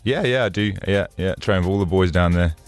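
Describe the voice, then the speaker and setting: A man's voice: low-pitched, fairly quick, faint music behind. A man with a Birmingham English accent being interviewed on radio, answering in a laid-back, modest way with chuckles. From England. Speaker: fighter, radio guest.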